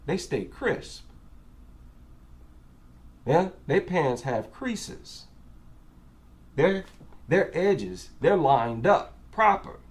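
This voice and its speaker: A man's voice: fairly high pitch, sing-song, very slow, pauses often. A man with an African American accent giving reaction commentary, incredulous and asking rhetorical questions.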